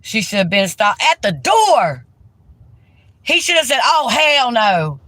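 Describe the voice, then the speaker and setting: A woman's voice: on the high side, big pitch swings, unhurried, fairly bright tone, dry recording, poor audio. A woman ranting heatedly and profanely during a live stream, talking into a handheld phone from inside a car.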